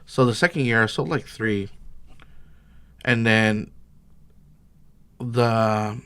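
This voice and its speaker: A man's voice: on the low side, steady tone, takes it slowly, fairly bright tone, clean tone, no room sound. A man, a guest on a podcast, telling his business story in an easygoing, casual way. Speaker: guest, bag maker. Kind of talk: casual interview chat.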